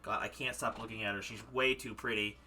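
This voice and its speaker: A man streaming a live game playthrough, reacting excitably in loud bursts between reading lines aloud. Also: on the low side, brisk, soft background music, rough recording.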